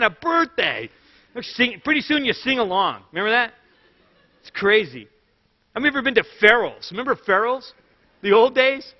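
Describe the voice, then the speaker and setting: On a dull, lo-fi recording with a long hall echo, a high-voiced pastor preaches. He alternates scripture with animated personal stories and light jokes.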